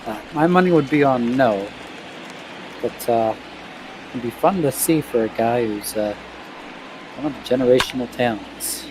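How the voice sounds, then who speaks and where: An easygoing man from Michigan offers baseball color commentary, going through teams and players at a steady, relaxed pace. His voice sits at a medium pitch. Clear noise runs behind him. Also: a little slow, pauses often. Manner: easygoing, analytical, lists player names. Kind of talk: casual sports commentary.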